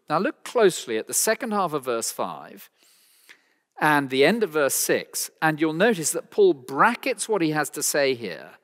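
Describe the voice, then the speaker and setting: A man with a British accent preaching an expository sermon, earnest and emphatic, hammering home key phrases by repeating them. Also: on the high side. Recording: long church reverb.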